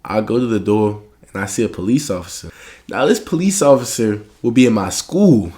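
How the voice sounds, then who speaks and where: A young adult man with a fairly low voice, telling a story straight to the camera. He talks in a profane, slangy, animated way, like a casual storytime monologue. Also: brisk.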